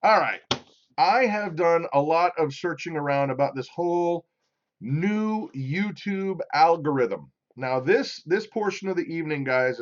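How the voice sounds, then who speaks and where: A man's voice: fairly high pitch, dull audio. A middle-aged man hosting a casual live stream, rambling and chatty as he reads out viewer comments. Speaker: livestream host.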